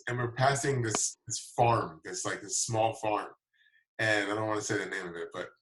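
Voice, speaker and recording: A man of middle pitch spins a loose, profanity-laced yarn and stumbles over repeated words. His voice sits back from the mic in a roomy space. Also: fairly bright tone, far from the mic. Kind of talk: casual storytelling chat.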